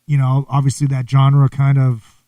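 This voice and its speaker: A man's voice: medium pitch, completely flat delivery, normal speed, mellow, no echo, far from the mic, muffled recording. A man from the American Midwest hosting a casual interview chat, eager and talkative, reading viewer comments aloud. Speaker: host.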